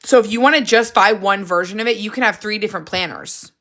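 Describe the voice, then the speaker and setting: A woman hosting a casual live stream, chatty and excitable, jumping from idea to idea with frequent laughs. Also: mid-range voice, fast talker. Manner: excitable, jumps between ideas, frequent laughs.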